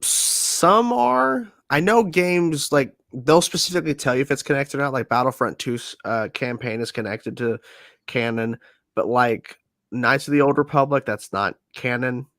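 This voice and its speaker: A man's voice: mid-range voice, moderate pace, fairly bright tone, no echo, studio quality. A man hosting a casual livestream chat, hesitant and unsure, often trailing off with "I don't know.". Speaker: host.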